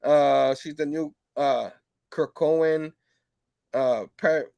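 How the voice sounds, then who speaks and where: Rambling man, slightly high voice. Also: extremely slow, vocal fry, clean tone, no room sound. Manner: rambling, filler-heavy, animated when acting out quotes. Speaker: comic book show host. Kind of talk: casual comic review chat.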